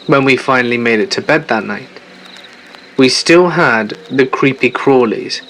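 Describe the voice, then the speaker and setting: A man's voice: medium pitch, a bit bright, slight background noise, low-quality recording. Man narrating a creepy true story. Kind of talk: first-person horror story narration. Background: faint music.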